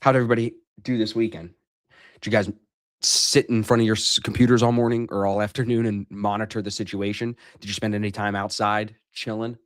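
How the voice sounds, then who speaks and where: A man with a somewhat low voice chats loosely on a live trading stream. He jokes around and swears freely as he walks viewers through charts. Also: flat delivery, fairly quick. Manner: loose, joking, swears casually. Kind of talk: casual livestream chat.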